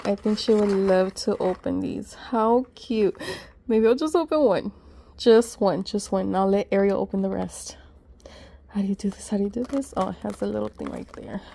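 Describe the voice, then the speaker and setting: Excitable woman unboxing gifts, mellow voice. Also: mid-range voice, moderate pace, vocal fry. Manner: excitable, says "guys" constantly. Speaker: vlogger. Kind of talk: casual unboxing chat.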